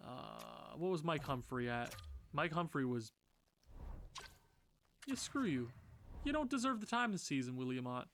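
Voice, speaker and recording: A man's voice: fairly bright tone, slight background noise. A man commentating his own video game franchise season, exasperated and talking to his players as he reshuffles lines. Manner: exasperated, talks to players, swings into high frustrated outbursts. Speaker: gaming YouTuber.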